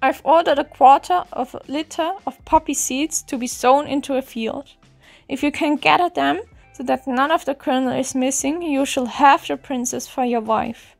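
A woman's voice: high-pitched, normal speed, vocal fry, faint music behind. A woman voicing a stern, formal old king setting hard tasks in a storybook reading.

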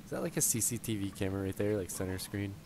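Over a gaming headset, a man provides casual let's play commentary, thinking out loud and talking to the on-screen characters. His voice is lowish and he speaks quickly, with some background noise in the recording.

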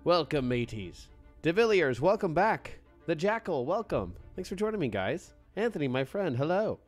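A man live-streaming a game, excitable and playful, greeting viewers by name and joking in pirate talk. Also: fairly high pitch, moderate pace, soft background music.

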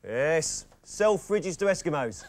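A man playing a smooth-talking salesman with deadpan asides in a sitcom. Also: on the high side, takes it slowly, exaggerated voice. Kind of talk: sitcom comedy acting.

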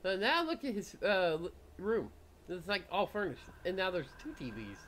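A man giving let's play commentary on a horror game, jumpy and profane, with nervous laughs and loud startled outbursts. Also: sits high, wildly swooping pitch, normal speed. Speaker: gaming YouTuber.

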